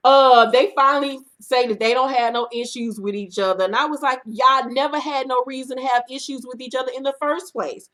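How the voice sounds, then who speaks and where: A woman recapping a reality TV episode in casual, profane commentary, acting out the cast in loud bursts. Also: high-pitched, steady tone, fairly quick, hardly any pauses.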